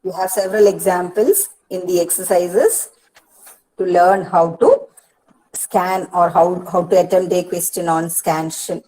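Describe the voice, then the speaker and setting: A woman with an Indian English accent giving a patient lecture to students, often pausing with "uh" and "see" and repeating key points. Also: fairly low pitch, fairly even intonation, dark tone, rough recording. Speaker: English literature teacher. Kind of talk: online lecture on poetic meter.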